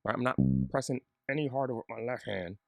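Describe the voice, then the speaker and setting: A man giving a relaxed, chatty bass lesson, joking at his own expense. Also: fast talker, vocal fry, dry recording, faint music behind. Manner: relaxed, chatty, self-deprecating. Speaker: bass teacher.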